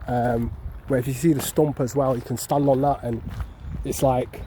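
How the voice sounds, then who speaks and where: A man's voice: medium pitch, flat delivery, normal speed, warm tone, a little hiss or hum, poor audio. A man with a Mancunian accent chatting to his viewers in a casual, jokey walking vlog outdoors, swearing freely. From North West England. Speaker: vlogger. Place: outdoor parkland.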